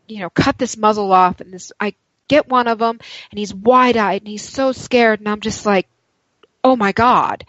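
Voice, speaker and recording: A woman guest telling a personal story in casual conversation. She talks in an animated way and acts out the dialogue she quotes. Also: mid-range voice, dry recording. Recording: dry, dull lo-fi sound.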